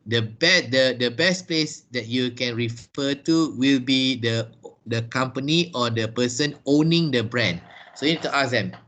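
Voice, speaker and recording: A man teaching an online lesson over a video call. He talks slowly, checks in with "yeah?" and "right?", and often repeats and restarts words. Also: mid-range voice, pushed and bright. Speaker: English teacher.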